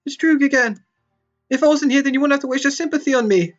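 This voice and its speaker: A shaky, high girlish voice, a man putting on a fragile game girl who sounds on the edge of tears. The recording is slightly dull, with soft music underneath. Her lines come fast and breaking. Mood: tearful. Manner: high, wavering, near tears. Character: cheerful young girl, fragile and tearful.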